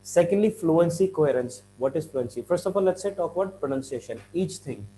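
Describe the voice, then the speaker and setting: Man clearing his throat as he teaches. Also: on the high side, animated, mellow, a little hiss or hum, poor audio. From India. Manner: repeats "right?" often, clears throat, stresses words slowly. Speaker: IELTS teacher. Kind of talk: classroom-style explanation.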